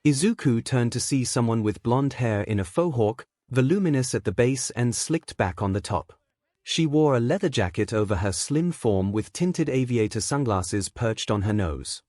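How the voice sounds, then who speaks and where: Man, story narration, lively pitch, dry close sound. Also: moderate pace, no echo. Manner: reads every part in one voice. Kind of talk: fan-fiction story narration.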